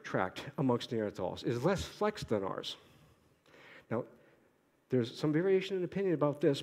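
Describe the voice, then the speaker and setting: A middle-aged man from Boston giving an academic conference lecture, quick-talking with restarts and wry asides to himself. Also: mid-range voice, a little mellow. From Boston, United States. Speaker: conference speaker, archaeologist. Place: lecture hall. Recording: long hall reverb.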